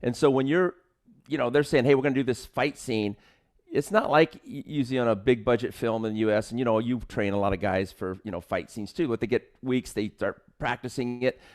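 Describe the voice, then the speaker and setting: A man's voice: medium pitch, brisk. A man co-hosting a martial arts podcast, telling film-set anecdotes in casual chat and acting out the quotes with laughter.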